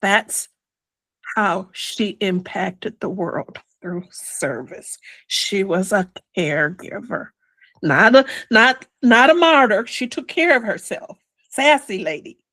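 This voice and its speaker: An older woman telling her personal story as an interview guest, slow and reflective, dropping to a whisper on quoted words. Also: mid-range voice, animated, fairly bright tone, no echo, rough recording.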